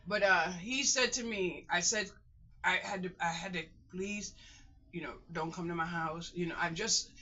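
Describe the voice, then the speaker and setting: A woman's voice: lowish voice, bright, forceful tone, slightly rough, lo-fi sound. A middle-aged woman in pain, giving emphatic, repetitive life advice to her viewers in a casual vlog monologue. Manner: emphatic, repeats phrases, calls viewers "boys and girls" and "honey". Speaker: vlogger.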